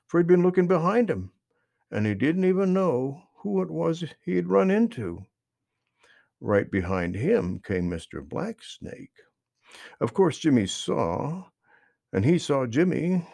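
A man narrating a children's story, gentle and expressive. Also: a little high, measured pace, gravelly, no room sound, studio quality.

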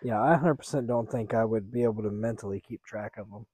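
A man's voice: on the low side, fast talker, a little mellow, breathy edge, dry recording. A man co-hosting a podcast, chiming in with short quips in casual chat. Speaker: podcast co-host.

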